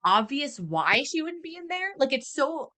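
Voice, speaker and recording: Podcast lady with a bit of a high voice, all fired up and indignant about a movie. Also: sing-song, normal speed, sharp tone. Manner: indignant, emphatic. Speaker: podcast co-host. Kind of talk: casual movie review chat.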